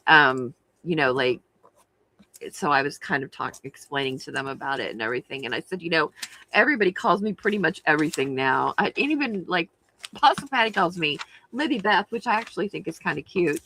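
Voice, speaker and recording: A woman's voice: deep voice, expressive, fairly quick, sharp tone, a little hiss or hum, rough recording. A middle-aged woman hosting a crafting livestream, chatting casually and giggling while reading viewer comments.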